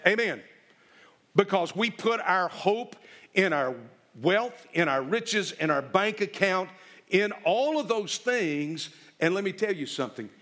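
A middle-aged man preaches in a folksy, storytelling way, his voice sitting slightly high. He slows right down to stress key phrases, then rushes through offhand remarks. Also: animated, a bit bright. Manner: folksy storytelling, shifting between slow emphatic and quick asides. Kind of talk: sermon.

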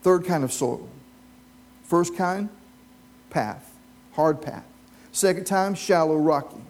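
This sermon comes from a pastor who speaks slowly but animatedly, his voice on the high side and slightly mellow. He shares stories and questions the live congregation gathered in church.

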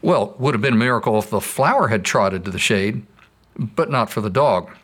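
A man's voice: fairly low pitch, expressive, a little fast, a bit bright. A man patiently explaining his views in a scripted dialogue, using stories. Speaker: apologist answering questions.

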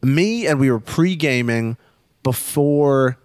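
A young man telling a story in casual chat, animated, swearing often and acting out quotes. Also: mid-range voice, takes it slowly, dry recording.

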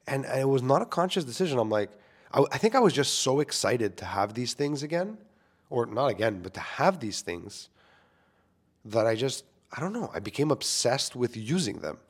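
A man's voice: medium pitch, big pitch swings, moderate pace, husky. A young man, a filmmaker, talking casually into a microphone to his listeners, candid and self-deprecating, swearing freely. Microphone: studio microphone.

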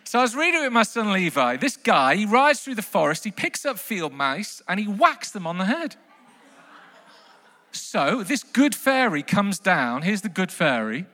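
A man preaching a lively sermon to a congregation, telling a children's story with big bursts of mock outrage. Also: high-pitched, normal speed. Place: large hall with long reverb. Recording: live sermon in a reverberant hall.

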